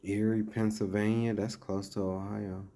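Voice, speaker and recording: A man's voice: on the low side, level tone, moderate pace, mellow. A man giving casual commentary as he reads out a list, breaking off into sarcastic asides and chuckles.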